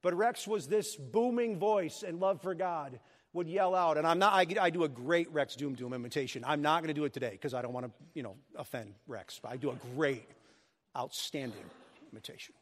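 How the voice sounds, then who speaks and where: A man preaching a sermon as pastor of a church, animated and joking with his congregation. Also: a little high, brisk. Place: church sanctuary. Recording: long hall reverb.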